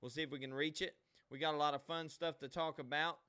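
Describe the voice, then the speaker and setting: Bright, clear-voiced folksy male streamer. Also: a little high, fairly even intonation, quick pace. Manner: chatty, folksy, talks straight to viewers. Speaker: host of a live online show. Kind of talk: casual livestream chat.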